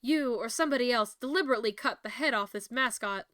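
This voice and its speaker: A woman voicing a confident young female detective who lays out evidence in a crisp, matter-of-fact way, reading a mystery game aloud. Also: on the high side, fast, fairly bright tone, no echo, clean studio sound, natural voice. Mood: probing.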